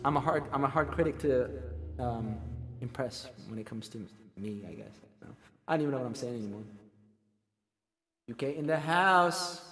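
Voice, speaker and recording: A man's voice: medium pitch, lively intonation, normal speed, pauses often, fairly bright tone, big-room sound. A man hosting a casual livestream. He rambles, reads out the chat and pokes fun at himself. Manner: rambling, self-deprecating, reads chat aloud. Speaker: livestream host.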